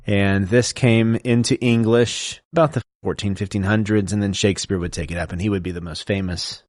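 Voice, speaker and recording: A man's voice: lowish voice, fairly even intonation, fairly quick, no room sound, clean studio sound. A man who teaches, explaining things step by step as a podcast co-host in casual chat.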